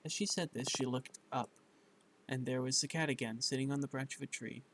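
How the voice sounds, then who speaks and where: A man reading a bedtime story aloud in a gravelly, mid-pitched voice. He stumbles over words, corrects himself and drops in fillers, with a faint hum of room sound behind him. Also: steady tone, brisk, fairly bright tone, low-quality recording.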